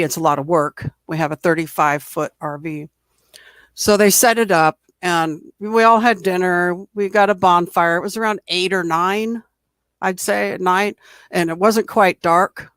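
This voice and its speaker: A woman's voice: fairly low pitch, fairly bright tone, no room sound. A middle-aged woman telling her own story in a chatty, rambling way over a video call. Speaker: guest telling an encounter story. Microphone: computer mic on a video call.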